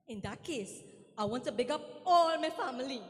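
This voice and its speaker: A woman's voice: high-pitched, animated, moderate pace. A woman playing a nosy Trinidadian village gossip. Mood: gossipy. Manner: chatty, rambling, dialect-heavy. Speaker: stage actor in comedy skit. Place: live stage in a hall. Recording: reverberant hall stage.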